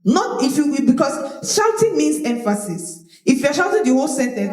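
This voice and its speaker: A woman teaching public speaking to a live audience, animated and demonstrative, often repeating her words. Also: high voice, normal speed. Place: large room with audience. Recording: roomy echo of a hall.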